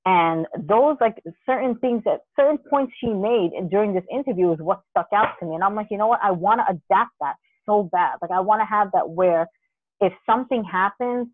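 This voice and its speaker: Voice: mid-range voice, brisk, no echo. Casual podcast co-host with a rambling, restart-heavy delivery, heard over a dry, phone-like line. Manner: rambling, animated storytelling with many restarts and occasional swearing.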